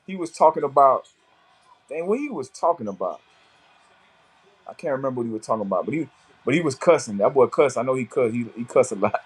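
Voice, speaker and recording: A man's voice: medium pitch, animated, fairly quick, pauses often, breathy edge. A man with a South Florida accent chatting casually, repeating himself as he searches for words. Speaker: co-host. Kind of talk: casual chat.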